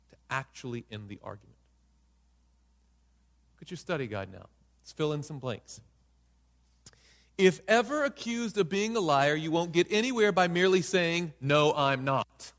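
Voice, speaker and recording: A man preaching a sermon. His voice sits high and swings widely as he dramatizes points and quizzes his listeners. The sound carries a long hall reverb. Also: animated, unhurried, long pauses. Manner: dramatic, acts out voices in quotes, asks the audience questions.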